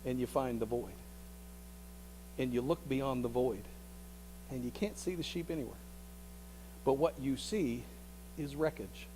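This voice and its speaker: A male pastor preaching a sermon as a vivid story, often repeating words and dropping into hushed tones. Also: mid-range voice, a little hiss or hum, rough recording.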